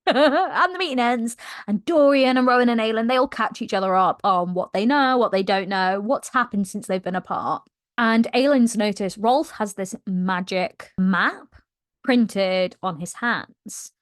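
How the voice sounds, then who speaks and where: A woman's voice: mid-range voice, no echo, studio quality. A young woman giving a casual book recap, gushing and slangy, laughing often. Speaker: book vlogger.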